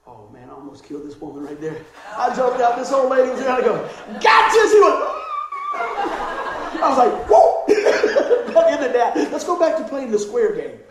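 Animated high-voiced man preaching in an echoey hall. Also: quick pace, a crowd in the background. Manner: animated, laughing, storytelling with acted voices. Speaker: pastor. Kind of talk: sermon with personal storytelling.

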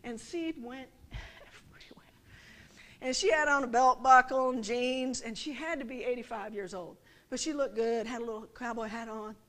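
A woman's voice: a little high, normal speed, fairly bright tone. A middle-aged woman giving a conversational sermon, often checking that listeners follow her with rhetorical questions. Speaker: preacher.

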